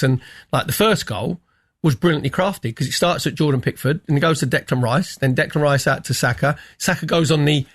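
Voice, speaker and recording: A man's voice: mid-range voice, no room sound. A man talking football on a radio panel in a studio, chatty and enthusiastic as he breaks down plays. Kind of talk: animated football analysis.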